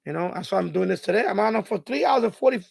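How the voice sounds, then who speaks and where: A man hosting a live stream in casual chat, his voice raspy and hoarse from hours of talking, giving rambling advice full of "you know" and restarts. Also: sits high, expressive, fast talker, darkish tone, no echo, clean studio sound.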